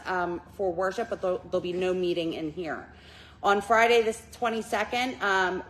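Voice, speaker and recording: A woman's voice: mid-range voice, rough recording. Chatty woman leading a recovery meeting. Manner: chatty, warm, many fillers. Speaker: recovery group leader. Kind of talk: casual announcements and introduction. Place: meeting room at a church.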